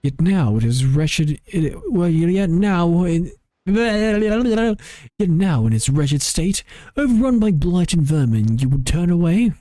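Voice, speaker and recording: A man's voice: a little high, very animated, slow pace, mellow, dry recording, faint music behind, pitched above the performer's own voice. A man voicing a sardonic ancient bird spirit with formal, wry, archaic phrasing.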